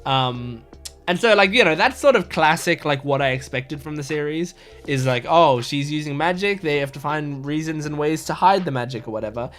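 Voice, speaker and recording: Young guy rambling excitedly about a show, voice a bit on the high side, lots of ums and restarts, faint music underneath. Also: normal speed. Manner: chatty and enthusiastic, with many fillers and restarts. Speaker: anime reaction YouTuber. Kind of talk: casual rambling commentary.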